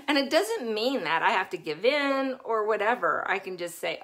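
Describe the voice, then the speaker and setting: A woman's voice: mid-range voice, very animated, a little slow. Chatty middle-aged woman parenting coach. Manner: chatty, laughs often, acts out her own yelling. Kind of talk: live-stream talk.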